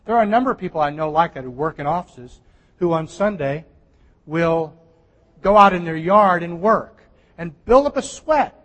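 High-voiced preaching man in a reverberant hall. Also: moderate pace. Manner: animated, emphatic preaching with sudden drops to near-whisper. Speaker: pastor. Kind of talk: sermon.

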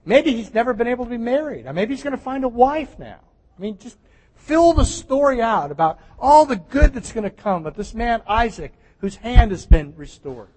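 A man delivers a sermon in a high, light voice, pressing his points with emphatic rises and then sinking to hushed asides. A long reverb trails behind every phrase. He talks like a pastor who is working through the passage for his congregation. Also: moderate pace, breathy edge. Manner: animated, emphatic preaching with sudden drops to near-whisper.

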